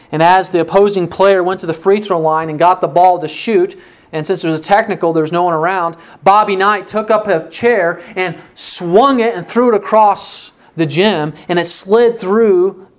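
A man preaching a sermon, reading scripture aloud and asking rhetorical questions, his pitch jumping up for emphasis. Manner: pitch rises sharply for emphasis.

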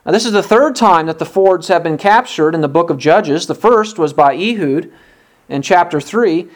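A preacher delivers an expository sermon, moving through a Bible passage verse by verse. The voice sits at an ordinary middle pitch, and now and then the preacher briefly acts out the dialogue of the people in the story. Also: animated, moderate pace.

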